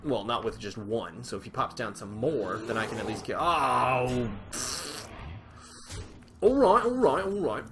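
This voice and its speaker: Gaming host, male, mid-range voice, chatty and rambling with sudden excited bursts, casual play-along commentary. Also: mid-range voice, moderate pace, hardly any pauses. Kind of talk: casual commentary while playing a card game. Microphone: desk microphone with webcam.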